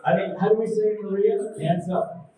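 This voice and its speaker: A man's voice: high voice, fairly even intonation, fast, recorded from a distance. Playful man leading crowd chants, echoey hall. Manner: joking, teasing, call-and-response shouting. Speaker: spiritual lecturer. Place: large temple hall with a crowd.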